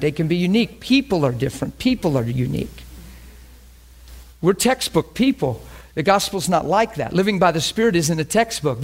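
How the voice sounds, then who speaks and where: A man preaching in a conversational, emphatic way, often repeating phrases as he teaches. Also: on the high side. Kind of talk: sermon teaching.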